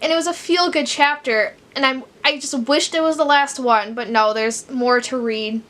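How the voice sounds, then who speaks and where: Bright-voiced young woman, rambling chatter. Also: high-pitched, steady tone, normal speed. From Chicago, USA. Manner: rambling, frequent fillers like "like". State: teary, crying at times. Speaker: book vlogger. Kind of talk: casual vlog chat.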